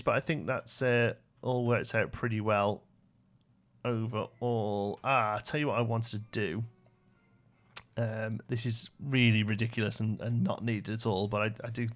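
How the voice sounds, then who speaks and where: A man's voice: on the low side, a bit bright. A young British man livestreaming a building game, rambling to himself and answering chat questions in a casual way. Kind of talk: casual live-stream chat while building.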